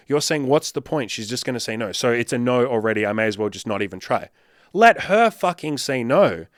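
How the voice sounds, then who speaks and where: A man's voice: medium pitch, dry recording, clean studio sound. A man talking as a dating coach in a blunt, casual rant, swearing often and acting out both sides of imagined conversations.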